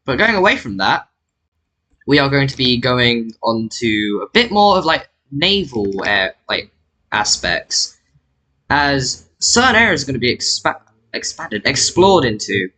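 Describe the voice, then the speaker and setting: Bright-voiced man narrating a map game. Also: mid-range voice, sing-song, a little slow, poor audio. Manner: rambling, with frequent "so yeah" and self-corrections. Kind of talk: casual commentary over a map.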